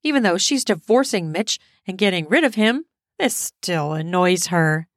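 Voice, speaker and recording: Woman, erotic audio story narration, steady delivery, dry close sound. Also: lowish voice, normal speed, no room sound.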